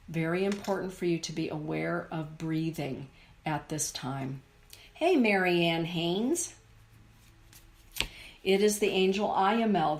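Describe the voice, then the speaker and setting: A middle-aged woman giving a live oracle card reading to viewers, speaking in a soothing, unhurried way. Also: on the low side, darkish tone. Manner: slow, soothing, unhurried delivery. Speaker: spiritual card reader.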